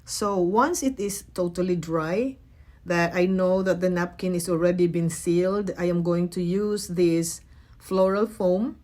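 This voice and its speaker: A middle-aged woman with a slightly low voice talks viewers through a craft project. She sounds chatty and gentle, pausing on fillers and correcting herself as she goes. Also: fairly even intonation. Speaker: craft vlogger. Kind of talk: casual craft tutorial narration.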